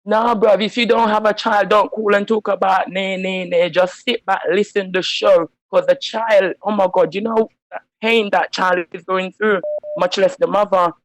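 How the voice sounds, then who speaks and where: A woman's voice: mid-range voice, fairly even intonation, normal speed, no echo, poor audio. A woman calling in to a phone-in show, speaking heatedly and emphatically in slang because she is upset. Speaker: caller. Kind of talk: impassioned phone-in rant.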